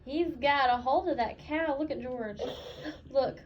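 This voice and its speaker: A woman teacher reading picture books aloud to a child in an animated, encouraging way, asking questions as she goes. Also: high voice, slow. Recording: slightly dull, faintly noisy recording.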